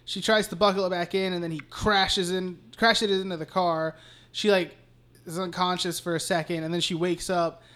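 A man's voice: sits high, level tone, moderate pace, a bit bright. A man co-hosting a podcast, retelling a horror movie plot in a rambling, profane, casual way. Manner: rambling, profane, laughing recap. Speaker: podcast co-host. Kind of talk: casual movie recap chat.

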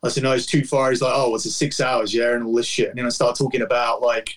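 A man's voice: medium pitch, little pitch movement, quick pace. Man, forties, casual podcast chat, rambling, lots of fillers. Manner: rambling storytelling, many fillers and restarts. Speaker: guest fan.

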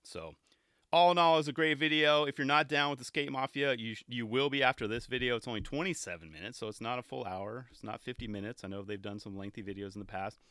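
A man hosting a show, chatting casually and excitedly as he reviews skate video clips, often restarting his sentences and laughing. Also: medium pitch, fast, clear, resonant tone, no room sound, clean studio sound.

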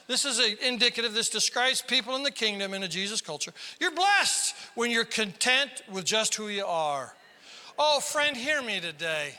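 High, bright-voiced preaching man. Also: normal speed. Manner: animated, emphatic preaching with sudden high exclamations. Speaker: pastor. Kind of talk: sermon. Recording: long hall reverb.

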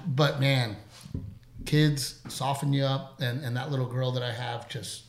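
A man hosting a casual interview chat as a comedian, telling stories with lively asides. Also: medium pitch, moderate pace. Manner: animated storyteller, quotes people in put-on voices. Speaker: podcast host and comedian. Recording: roomy echo.

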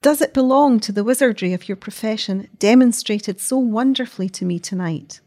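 A woman's voice: normal speed, a little mellow, close to an everyday voice. A woman reading as a weary, moaning noblewoman. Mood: anguished. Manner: low and moaning.

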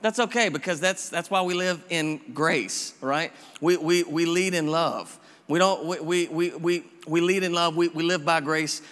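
Pastor preaching in a reverberant hall. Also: male voice, on the high side, measured pace, few pauses, fairly bright tone. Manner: casual, repetitive, encouraging preaching with many restarts. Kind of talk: sermon.

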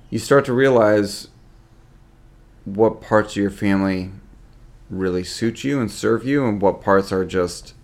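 A man's voice: fairly low pitch, creaky. A man co-hosting a casual podcast, telling stories with lots of swearing and acting out what people said. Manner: animated storyteller, acts out quotes, swears a lot. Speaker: podcast co-host.

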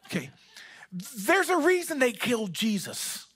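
A male pastor preaching a conversational, story-driven sermon. He swings from loud bursts to hushed asides. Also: sits high, expressive, moderate pace.

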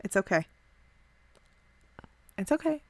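A timid, stammering male figure who wrings his hands and trips over his words, as a woman puts him on. The voice is bright and close with no room sound. It is tabletop role-play. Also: mid-range voice, big pitch swings, slow pace, no room sound. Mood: steeling himself. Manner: stammering, hesitant. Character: nervous hand-wringing male creature Dave.

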